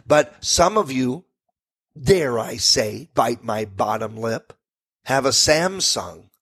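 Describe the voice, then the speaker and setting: An American man hosts a talk radio history segment from a studio at a middle pitch. He talks folksy and rambling, turning often to speak straight to his listeners. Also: expressive, slow pace, fairly bright tone, husky. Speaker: radio show host.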